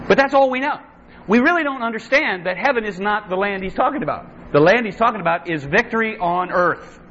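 A man preaching a sermon as pastor, emphatic, with repeated refrains and lively quoted asides. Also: high-pitched, brisk. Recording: slightly dull sound with faint noise.

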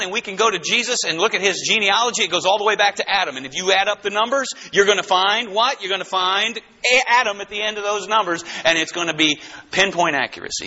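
An excitable male preacher delivering a fervent sermon and climbing into shouts. His voice is high-pitched with a sharp, bright edge. The recording sounds dull and muffled. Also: breathy edge.

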